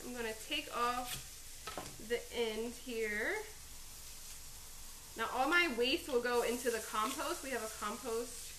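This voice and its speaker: Her voice is a little high with a sharp tone, measured in pace with long pauses, in a rough recording with echo and slight background noise. This home-kitchen cooking show host rambles chattily on a live stream as she chops onions that make her teary, laughing at herself along the way.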